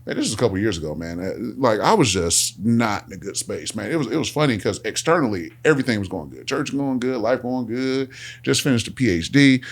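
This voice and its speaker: A man's voice: medium pitch, brisk. Laid-back man, storytelling host. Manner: relaxed, candid storytelling, peppered with "man" and "bro". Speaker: podcast host and pastor. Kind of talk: casual conversation.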